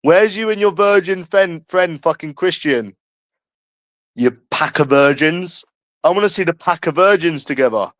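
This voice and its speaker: A man's voice: fairly high pitch, lively intonation, normal speed, fairly bright tone, dry recording. A young man with a London accent, ranting in a taunting live stream and jeering at someone over and over. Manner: mocking, repetitive jeering.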